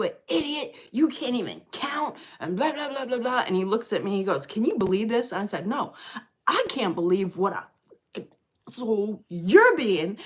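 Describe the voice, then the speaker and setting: A middle-aged woman chatting on a livestream, telling stories in a lively, fired-up way and greeting viewers by name. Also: fairly low pitch. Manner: animated storyteller, gets loud and fired up. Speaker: livestream host. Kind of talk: casual livestream chat.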